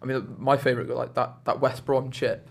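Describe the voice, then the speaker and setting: A man's voice: mid-range voice, little pitch movement, brisk, vocal fry, slightly rough. Man chatting on a football podcast. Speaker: podcast co-host. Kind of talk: casual football podcast chat.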